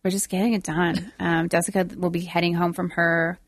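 A woman's voice: on the low side, flat delivery, a little fast, no echo. Chatty woman podcast host, dry sound. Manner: chatty, emotional storytelling, many fillers. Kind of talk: casual chat.

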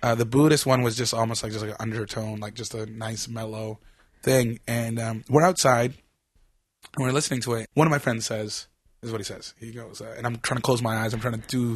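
A man's voice: mid-range voice, fairly even intonation, fairly quick, no echo, clean studio sound. A man telling a long, rambling story on a podcast, full of fillers and laughter. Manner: rambling, laughing, with many fillers and acted quotes. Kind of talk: casual storytelling chat.

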